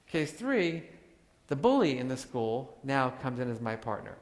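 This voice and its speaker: A man giving a live talk to an audience, animated and joking as he acts out examples. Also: mid-range voice, normal speed. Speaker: workshop speaker. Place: large hall with audience. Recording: hall reverb.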